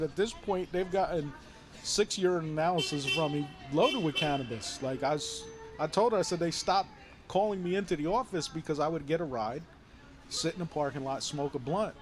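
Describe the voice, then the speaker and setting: A man chatting casually and telling a long story with lots of energy, acting out the other people's lines and swearing freely. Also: fairly high pitch. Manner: animated storyteller, acts out quoted voices, swears freely. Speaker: guest telling his story. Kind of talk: casual chat.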